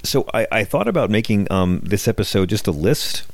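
A man's voice: lowish voice, animated, fairly quick, creaky, no echo, faint music behind. A middle-aged man hosting his own podcast, delivering a sardonic, wisecracking political comedy monologue with frequent restarts. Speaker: podcast host.

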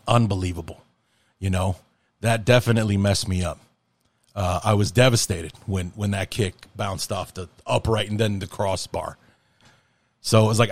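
A man's voice: on the low side, no echo. A man hosting a casual solo podcast, talking in an impassioned, rambling and profane way. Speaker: podcast host.

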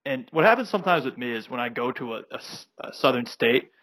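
A man's voice: mid-range voice, expressive, quick pace, a bit bright, no room sound, rough recording. A man from South Carolina co-hosting a casual sports podcast, telling rambling stories with many "you know"s and restarts. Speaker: podcast co-host.

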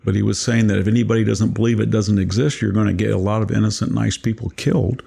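A man's voice: lowish voice, fairly even intonation, fast talker, creaky, slightly rough. An older man hosting a podcast, discussing politics casually in an emphatic, repetitive way. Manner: emphatic, forceful, repeats phrases for effect. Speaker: podcast host.

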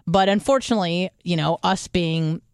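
A woman with a somewhat low voice talks casually as a podcast co-host. She swears freely and thinks aloud, restarting her sentences as she goes. The sound is dry and close, with no room around it. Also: normal speed, a little mellow, clear, resonant tone, no echo. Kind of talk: casual chat.

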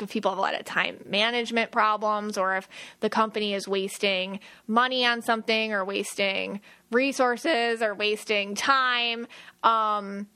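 A woman co-hosting a podcast, talking casually as an aura reader, animated and often acting out quoted voices with laughs. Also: on the high side, no echo. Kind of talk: casual chat.

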